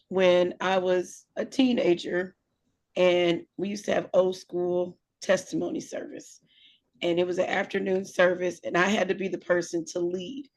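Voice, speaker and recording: Female co-host, animated storyteller, slight vocal fry, casual delivery. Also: fairly low pitch. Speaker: podcast co-host.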